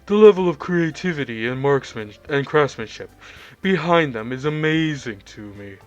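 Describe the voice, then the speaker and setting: A man voicing a shy, bookish young woman while reading a visual novel aloud, keeping his delivery low and hushed. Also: animated, normal speed, highs cut off, soft background music, close to an everyday voice. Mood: earnest.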